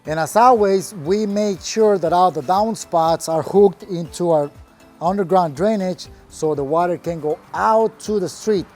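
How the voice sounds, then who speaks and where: A man's voice: high-pitched, unhurried, darkish tone, faint music behind. A man working as a landscaping contractor, giving a casual, upbeat walkthrough of a finished patio outdoors. He talks plainly and sounds proud of the work.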